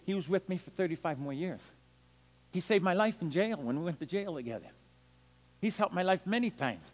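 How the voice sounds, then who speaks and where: An older man with a high voice preaches as a missionary evangelist, telling stories with animated swings from loud bursts down to hushed murmurs. His voice carries a long reverb, as if spoken in a large hall. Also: a little fast. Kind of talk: storytelling sermon.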